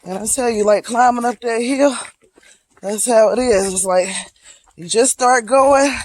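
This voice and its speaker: A hiking vlogger, speaking slowly and reflectively, encouraging viewers while out on a wooded trail near waterfalls. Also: mid-range voice, no echo, low-quality recording. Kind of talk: motivational outdoor vlog.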